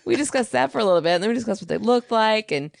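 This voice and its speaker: A woman's voice: a little high, expressive, racing, creaky. A woman co-hosting a podcast, chatting frankly with a wry, easy humor. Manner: frank and wry, laughs along. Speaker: podcast co-host. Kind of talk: casual chat.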